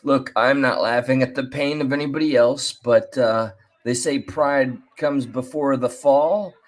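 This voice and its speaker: A man casually commenting while reacting to a clip, chatty and rambling, with restarts. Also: medium pitch. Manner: chatty, laughs and restarts, drawn-out asides. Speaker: commentary host.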